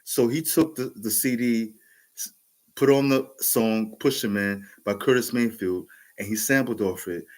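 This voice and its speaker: A man's voice: medium pitch, unhurried. A man in his forties with a New York accent, telling a casual, rambling story with frequent restarts and fillers. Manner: rambling, laughs often, many restarts and fillers. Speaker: podcast host telling a story.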